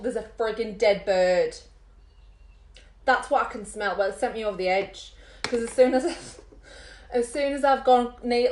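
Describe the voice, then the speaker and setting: Woman, makeup vlogger, rambling animated storyteller, fairly high voice, roomy echo. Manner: animated, rambling, lots of fillers. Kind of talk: chatty storytelling.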